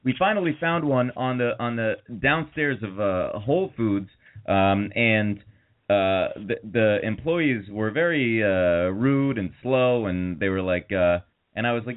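A man's voice: lowish voice, animated, measured pace. A man telling a long story in casual chat, rambling with fillers and restarts and mocking the people in it. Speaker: podcast co-host. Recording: tinny phone-like audio.

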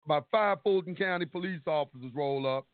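High-voiced man telling a story over the phone. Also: brisk, no room sound. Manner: animated storytelling, acting out quotes, swearing. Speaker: caller. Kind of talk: call-in radio storytelling. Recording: tinny phone line, dry.

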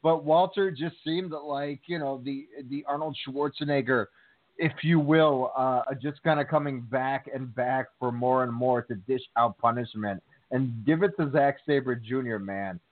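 A man's voice: medium pitch, a little slow. Chatty man on a tinny phone line. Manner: chatty, animated storytelling with fillers. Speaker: podcast co-host. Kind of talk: casual chat.

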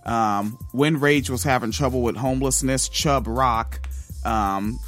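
A man's voice: mid-range voice, measured pace, fairly bright tone. A man hosting a podcast, talking loosely about music history with plenty of swearing and filler words. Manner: loose and profane, with many ums and uhs. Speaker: podcast host. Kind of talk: casual music-history commentary.

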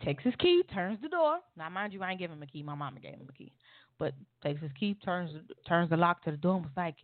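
A woman's voice: lowish voice, lively intonation, fast, no echo. Blunt woman telling her story over a phone line. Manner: blunt and profane, wry laughs. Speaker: panel guest on an online talk show. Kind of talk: candid personal storytelling. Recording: tinny phone-line audio.

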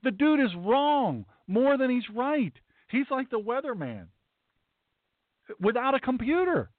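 Extremely high-pitched and very animated yet measured in pace, this middle-aged pastor and talk-show host pushes his opinions hard, repeating lines for emphasis. The sound is tinny, dry, and phone-like with no echo.

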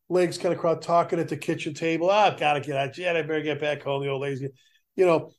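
A middle-aged man hosting a fire service talk show, telling stories in a casual way and acting out the voices of the people in them. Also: fairly high pitch. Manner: animated storyteller acting out quoted voices. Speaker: fire service podcast host. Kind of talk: storytelling in casual chat.

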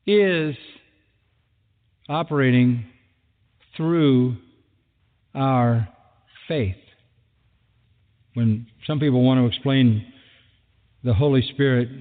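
A man preaching a sermon as a pastor, emphatic and driving points home with repeated phrases. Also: medium pitch. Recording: thin phone-like sound with long hall reverb.

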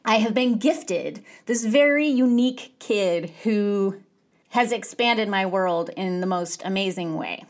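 A woman's voice: medium pitch, takes it slowly. A woman hosting a podcast, talking in an effusive, enthusiastic way as she opens the show and interviews a guest. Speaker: podcast host.

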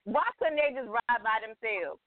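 A woman co-hosting a casual podcast, cutting in with quick jokes and reactions. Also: a little high, lively intonation, dry recording. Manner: reactive, joking interjections. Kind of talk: casual chat. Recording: dry phone-like sound.

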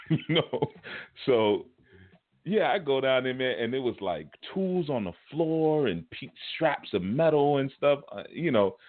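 A man teaching a spiritual class, telling stories in a casual, animated, colloquial way. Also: medium pitch, a little slow. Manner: animated, colloquial, chuckles mid-story. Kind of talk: casual storytelling lecture. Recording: phone-like narrow band audio.

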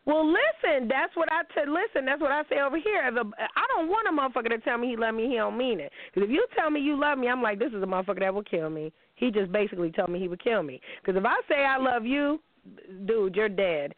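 A woman's voice: high voice, fast, dry recording. Blunt profane New woman host. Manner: blunt, profane, animated storytelling. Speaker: podcast host. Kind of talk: casual call-in chat. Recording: tinny phone-line sound.

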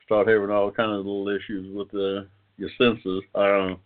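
Older man, talk show host, folksy rambling chat, low voice, tinny phone sound. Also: flat delivery, moderate pace. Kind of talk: casual internet radio talk. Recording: phone-like call-in line.

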